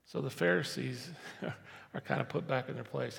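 Gravelly pastor preaching in a reverberant hall. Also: male voice, medium pitch, normal speed, fairly bright tone. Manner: conversational, repetitive, rising to emphatic stress. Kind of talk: sermon. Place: church sanctuary.

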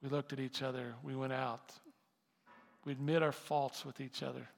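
A man preaching a sermon as pastor, impassioned and building to loud emphatic peaks. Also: medium pitch, flat delivery, moderate pace, gravelly. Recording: long hall reverb.

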